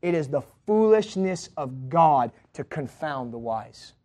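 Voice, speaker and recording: A male preacher delivering a sermon, moving from quiet teaching to loud proclaiming. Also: expressive, a little slow. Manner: builds from low, quiet teaching to loud, high-pitched proclaiming.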